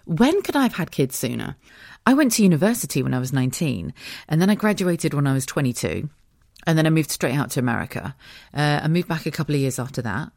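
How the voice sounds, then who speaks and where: Frank, animated woman with a low voice. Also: fast, creaky, no room sound, studio quality. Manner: frank, swearing, laughing at herself, emotional. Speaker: podcast host. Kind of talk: candid solo podcast confession.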